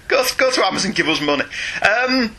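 A middle-aged British man, a father, co-hosts a podcast, reading listener emails aloud while teasing and laughing often. His high voice is bright, forceful, and expressive, and fairly quick.

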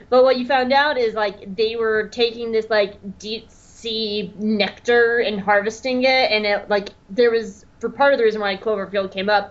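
A woman's voice: medium pitch, muffled recording. A woman co-hosting a podcast from her bedroom, chatting casually with lots of fillers and laughs. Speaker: podcast co-host.

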